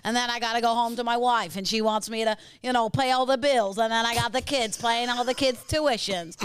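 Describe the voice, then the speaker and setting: A harried, slick businessman, as a woman puts him on, reeling off errands one after another. The delivery stays close to her own voice, quick and breathless with the rush. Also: a little high, steady tone, clear, resonant tone, no room sound, faint music behind, close to an everyday voice. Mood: frazzled. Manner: rushed, rattling list of chores. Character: frantic slick Wall Street businessman.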